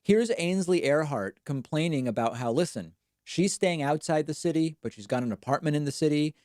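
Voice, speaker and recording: A man's voice: a little high, animated, fairly quick, darkish tone, no room sound. Sarcastic male stream host, dry sound. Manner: sarcastic, talks back at clips. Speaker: show host. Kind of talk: live-stream political commentary.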